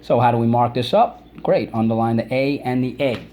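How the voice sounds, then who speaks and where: A man's voice: mid-range voice, dark tone. A man teaching a recorded vocabulary lesson for children, drawing out syllables and coaxing students to repeat words. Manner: drawn-out syllables, coaxing repetition.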